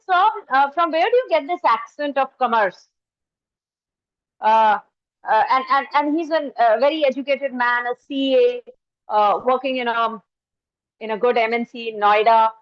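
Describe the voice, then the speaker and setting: A woman's voice: fairly high pitch, no room sound. A woman with an Indian English accent giving a workshop lecture to faculty, talking conversationally and telling anecdotes with some Hindi mixed in. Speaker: workshop resource person. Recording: dull lo-fi dry sound.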